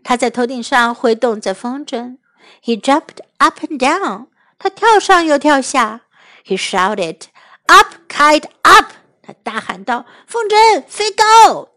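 A woman reading a children's story line by line in two languages, slow, careful and expressive. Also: high voice. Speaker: storyteller and English teacher. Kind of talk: bilingual storybook narration for children.

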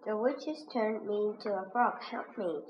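Brief: storybook frog king begging for help, read by a woman, slow, dull lo-fi sound. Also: mid-range voice, roomy sound, lightly acted. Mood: pleading. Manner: plain, lightly acted read-aloud. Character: male king turned into a frog, pleading. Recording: dull lo-fi recording with faint hiss.

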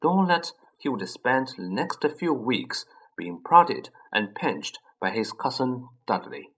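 A man narrates a storybook in an unhurried, measured way. His voice is slightly husky, and his pitch rises and falls with lively expression. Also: low-quality recording. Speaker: audiobook narrator. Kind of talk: scripted narration.

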